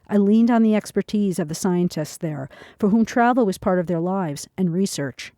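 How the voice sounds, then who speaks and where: A middle-aged woman reads from her own memoir with an earnest storytelling touch. Her voice is mellow and soft-edged. The recording is dry and close, with no room sound. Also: medium pitch, normal speed, dry recording. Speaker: author reading her memoir. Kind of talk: memoir reading on a podcast.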